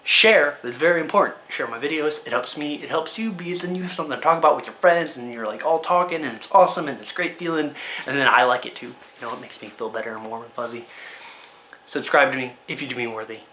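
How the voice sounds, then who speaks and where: A man ranting to camera in a casual opinion video, firing off exasperated rhetorical questions and talking fast in bursts. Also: medium pitch, sharp tone, a little hiss or hum. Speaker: card game video creator.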